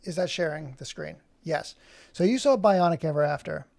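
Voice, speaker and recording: Brief: male streamer, gravelly voice, rambling, keeps cutting himself off mid-thought. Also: fairly high pitch, moderate pace, a little mellow. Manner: rambling, self-interrupting. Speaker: livestream host. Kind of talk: casual livestream chat.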